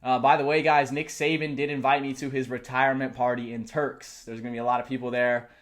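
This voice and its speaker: A young man vlogging about college football, talking live and out of breath, excited and rambling. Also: medium pitch, quick pace. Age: young adult. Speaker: sports vlogger. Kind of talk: live unscripted vlog reaction. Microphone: close mic, camera and laptop.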